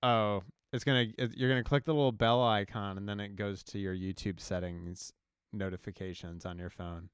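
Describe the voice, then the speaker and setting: A man's voice: on the low side, steady tone, moderate pace, hardly any pauses, clear, resonant tone, no echo, clean studio sound. A man casually walking through his music production step by step in a live tutorial. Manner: chatty, explains step by step.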